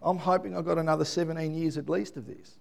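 A middle-aged man preaching a Mother's Day sermon, dropping to quiet asides and then building to loud emphatic shouts. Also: a little high, steady tone, fast talker, vocal fry. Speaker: pastor.

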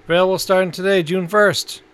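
A man's voice: sits high, flat delivery, fairly quick, a bit bright, smooth. A man co-hosting a casual chat show, reading a list in a laid-back way and chuckling often. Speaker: co-host.

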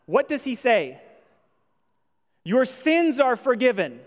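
A man pastor giving a conversational sermon in church, turning animated when he voices imagined objections. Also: very high voice, slow. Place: church hall. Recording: long hall reverb.

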